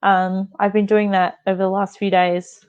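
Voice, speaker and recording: A woman's voice: mid-range voice, level tone, normal speed, darkish tone, smooth, muffled recording. A woman hosting a livestream, chatting with viewers in an effusive, emotional way, often laughing and rambling with fillers. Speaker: livestream host. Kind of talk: live-stream chat with viewers.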